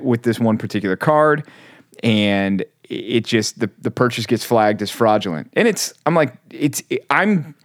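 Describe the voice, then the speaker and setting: Male podcast host, animated storyteller, mid-pitch, dry close mic. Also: no room sound. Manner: animated storyteller, acts out quotes. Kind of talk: casual faith podcast chat.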